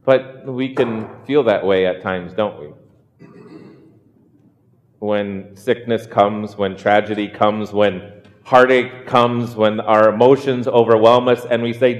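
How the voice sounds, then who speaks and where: Slow, earnest male preacher in a hall. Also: lowish voice, steady tone. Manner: earnest, repeats words while building a point. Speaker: pastor. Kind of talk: sermon.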